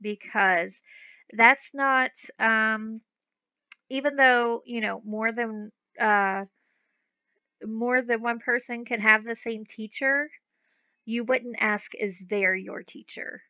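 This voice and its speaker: A patient woman teacher leads a phonics lesson, sounding out each letter and word at a very slow, careful pace. Her voice sits fairly high, and the recording is dry, close and a little dull. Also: fairly even intonation, clean tone, dry recording. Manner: slow, patient, sounding words out and repeating them. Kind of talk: phonics lesson for young children.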